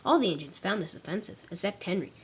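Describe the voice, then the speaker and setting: A woman's voice: medium pitch, expressive, quick pace. Woman telling a toy train story, casual with slips, faint hiss behind. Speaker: narrator.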